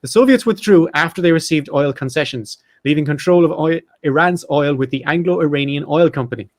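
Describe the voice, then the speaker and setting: A man's voice: on the high side, fairly quick, a little mellow. A man hosting a podcast, reading off facts and lists in a casual chat with jokey asides. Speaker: podcast host.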